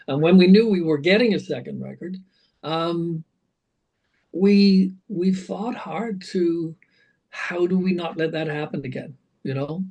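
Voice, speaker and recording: A man, a rock singer being interviewed, telling animated anecdotes full of fillers and restarts. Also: on the high side, unhurried, gravelly, husky, low-quality recording. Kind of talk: casual interview storytelling.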